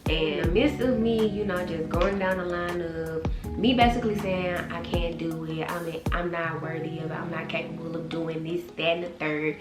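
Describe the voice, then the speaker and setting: A woman in her twenties telling a personal story to her camera in a casual, animated vlog style. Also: fairly low pitch, moderate pace. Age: 20s. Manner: animated, quotes others in voices, chatty. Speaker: vlogger and author. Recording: echoey room with background music.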